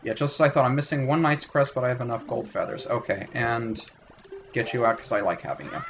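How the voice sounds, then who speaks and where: A man hosting a let's play, giving chatty, self-mocking, excitable video game commentary. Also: mid-range voice, fairly quick, slight background noise.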